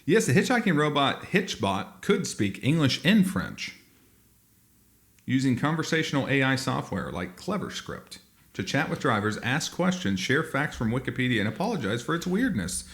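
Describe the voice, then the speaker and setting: Lively, bright-voiced joking man. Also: medium pitch, normal speed. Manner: animated, joking, slips into mock voices. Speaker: podcast co-host. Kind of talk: casual comedic chat.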